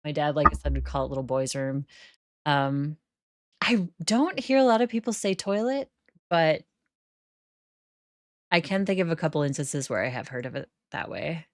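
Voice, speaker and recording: This Sims gameplay streamer has a deep voice with big pitch swings, a moderate pace and long pauses, captured in a dry recording. She's a northern US woman whose accent sits near Canadian, chatting casually with viewers and laughing a lot as she plays the life-sim game.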